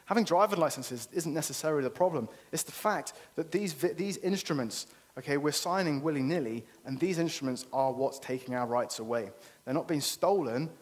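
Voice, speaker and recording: A man's voice: a little high, a little fast. A man giving an earnest, persuasive conference talk and often checking in with "okay?". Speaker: conference speaker. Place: conference venue.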